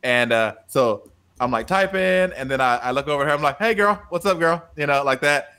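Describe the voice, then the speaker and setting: A man's voice: medium pitch, a little fast, clean tone. A man telling a classroom story in casual podcast chat, acting out quoted lines with a raised voice. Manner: animated, acts out quotes with a raised voice. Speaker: teacher and podcast co-host.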